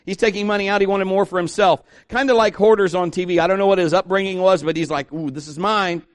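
A man's voice: sits high, fairly even intonation, quick pace. A man preaching a conversational sermon, telling homespun stories and asking his listeners rhetorical questions. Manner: folksy storytelling with rhetorical questions.

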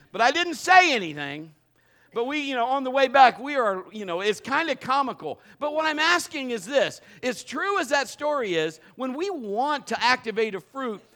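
A middle-aged man preaching a sermon, telling a funny story and acting it out in a lively way. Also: very high voice. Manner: animated, acts out the story. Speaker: pastor.

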